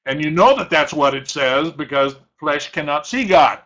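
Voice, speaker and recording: A middle-aged man delivering a sermon in a bright, forceful voice that sits a little high for a man. He stretches out scripture quotations for emphasis and clears his throat now and then. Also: lively intonation, normal speed, muffled recording. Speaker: pastor.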